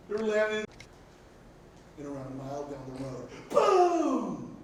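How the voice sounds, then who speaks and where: A middle-aged man, a football coach, giving a motivational pregame speech, telling the story animatedly and swinging from loud bursts to hushed lines. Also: sits high, wildly swooping pitch, unhurried, long pauses. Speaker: football coach and guest speaker. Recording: echoey, distant mic, noisy.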